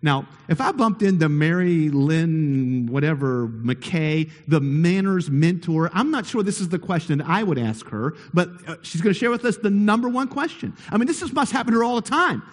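Man, pastor, sermon, high voice, playful, questions the congregation, long church reverb. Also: expressive, normal speed, few pauses. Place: church sanctuary.

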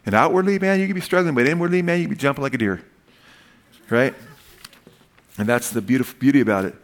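A man preaching a sermon in a loose, conversational way. His voice is mid-pitched, and he peppers his talk with "man." He tells jokes along the way. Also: fast talker. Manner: casual and folksy, says "man" often, tells jokes. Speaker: pastor.

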